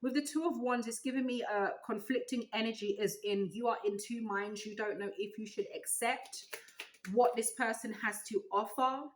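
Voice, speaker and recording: A woman giving a tarot reading, musing aloud in a loose, animated way. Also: fairly high pitch, moderate pace, low-quality recording. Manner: animated, musing aloud, breaks into sung gospel snippets. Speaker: tarot reader.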